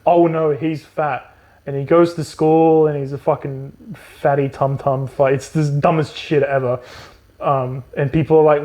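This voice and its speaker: With an unhurried, flat delivery, this man's voice sits on the high side with a dark tone. Co-hosting the podcast, he recaps a book sarcastically and profanely, frequently laughing at the plot as part of the comedic chat.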